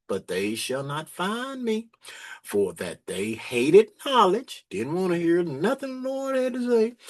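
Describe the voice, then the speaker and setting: Emphatic folksy man teaching scripture. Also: on the high side. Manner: folksy, emphatic, reads verses slowly and comments in plain talk. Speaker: Bible teacher. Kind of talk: informal Bible teaching with scripture reading.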